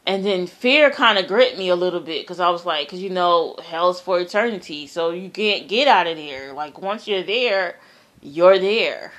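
A woman telling a personal dream story in a casual, earnest way, halting and repeating herself, often trailing off softly. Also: lowish voice, expressive. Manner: earnest, emphatic about the terror.

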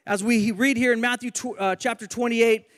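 A man's voice: very high voice, steady tone, normal speed, long reverb tail. A man preaching a sermon and leading a prayer, earnest, with repeated phrases.

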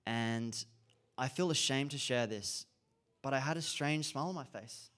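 Man, preaching a sermon, earnest and reflective, repeats phrases for emphasis, middle pitch. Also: moderate pace, a bit bright.

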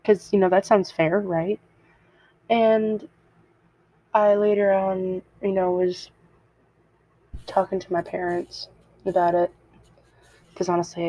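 A teenage girl tells a personal story to her podcast, rambling and correcting herself, often laughing at her own words. Her voice sits a little low and has a breathy, husky edge. It comes through a cheap, dull-sounding home mic. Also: warm tone, no echo. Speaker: podcast host.

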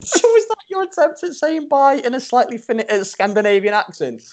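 A man's voice: extremely high pitch, very animated, fairly quick. A man co-hosting a casual chat podcast, jokey and self-mocking. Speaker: podcast co-host.

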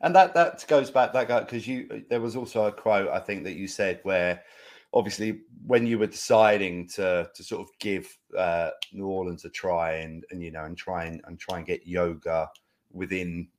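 Deep-voiced male host, hesitant, thoughtful questions. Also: moderate pace. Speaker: podcast host. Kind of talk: casual interview.

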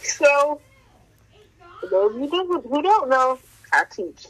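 A woman's voice: sits high, sing-song, unhurried, low-quality recording. A woman co-hosting a podcast, chatting casually with slangy, exclamatory talk; she works as a teacher. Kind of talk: casual chat.

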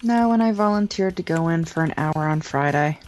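Low-voiced wry woman co-host. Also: fairly quick, a little mellow, soft background music. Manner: blunt, wry, complaining. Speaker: podcast co-host. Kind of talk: casual chat.

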